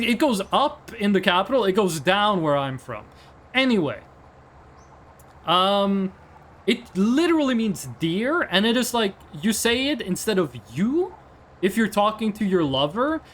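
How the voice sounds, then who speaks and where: A Norwegian man with a Norwegian accent, chatting casually as a streamer, rambling and swearing often. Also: sits high. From Norway. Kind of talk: casual chat.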